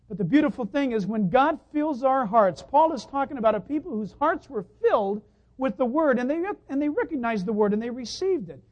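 A male pastor delivering a sermon in a conversational way, asking his congregation many rhetorical questions and swinging between loud emphatic lines and soft murmured asides. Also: high voice, low-quality recording.

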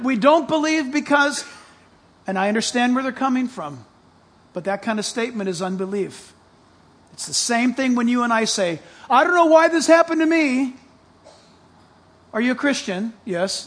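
A man preaching with a very high-pitched voice. He reads scripture aloud and builds to loud, emphatic stretches, sometimes nearly yelling at his congregation. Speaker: pastor. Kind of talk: sermon.

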